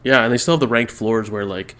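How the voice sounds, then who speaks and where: A man co-hosting a podcast, relaxed and explaining things in detail in casual chat. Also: on the low side, quick pace. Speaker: podcast co-host.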